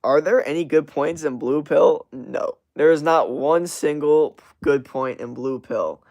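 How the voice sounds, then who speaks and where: Reacting to comments from his viewers, a young livestream host talks casually in an animated, profane, meandering style full of fillers. He speaks a little high and a little slowly.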